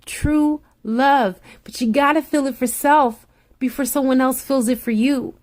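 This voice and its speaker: A woman's voice: high-pitched, fairly even intonation, measured pace, a little mellow. A woman tarot reader speaking straight to the listener in a soothing spiritual pep talk, repeating her encouragements.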